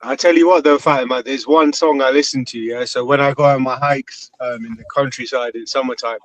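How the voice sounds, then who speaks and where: A man's voice: mid-range voice, fairly even intonation, a little fast, few pauses, dry recording, rough recording. A man in a casual voice chat, talking crudely and laughing as he swears.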